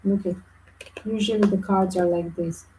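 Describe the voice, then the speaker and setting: A woman with reading tarot cards for viewers, chatty and animated, with small slips in her phrasing. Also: mid-range voice, normal speed, slight background noise, rough recording. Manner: chatty, animated, non-native English with slips. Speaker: tarot reader.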